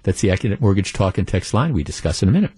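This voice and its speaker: A man's voice: sits low, big pitch swings, racing, dark tone, a little hiss or hum. A man hosting a talk radio show, reading out listener texts with wry disbelief. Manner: wry, incredulous. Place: radio studio. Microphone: studio microphone.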